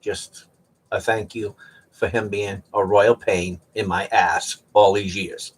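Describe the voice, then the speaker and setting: A man's voice: on the low side, fairly even intonation, takes it slowly, husky. A middle-aged man hosting a live auction stream, chatting casually and rambling through joking stories. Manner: joking, rambling storyteller who laughs a lot.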